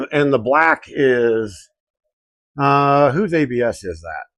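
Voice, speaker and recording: A man's voice: mid-range voice, lively intonation, slow, fairly bright tone, no room sound. A middle-aged man from Colorado hosting a casual live stream, talking to himself and his chat while he works. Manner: muttering to himself, reading chat aloud. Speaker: livestream host.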